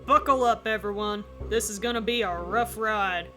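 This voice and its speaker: A woman's voice: medium pitch, moderate pace, pushed and bright, close to an everyday voice. A woman reading the lines of a cocky young male helicopter pilot aloud from a visual novel, in a breezy, self-assured way. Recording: faint game music behind.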